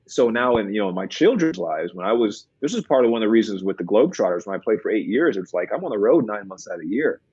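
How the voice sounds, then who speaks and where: A man's voice: on the low side, a little mellow, husky, no echo, dull audio. A middle-aged man, a guest on an interview show, speaking earnestly and reflectively and repeating phrases for emphasis. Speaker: guest, former pro basketball player and mindset coach. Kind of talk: conversational interview storytelling.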